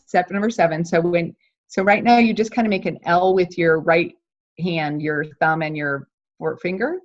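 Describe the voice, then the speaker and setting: Animated woman coaching a live workshop. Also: lowish voice, dull audio. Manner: animated, counts steps on her fingers. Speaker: speaking coach.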